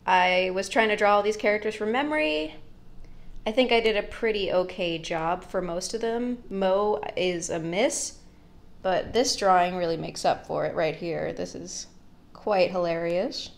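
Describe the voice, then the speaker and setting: A young woman with a slightly low voice walks through her sketchbook in a loose, chatty vlog. She rambles and jokes, drifting into asides and filling gaps with casual fillers. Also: measured pace, gravelly. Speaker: art vlogger.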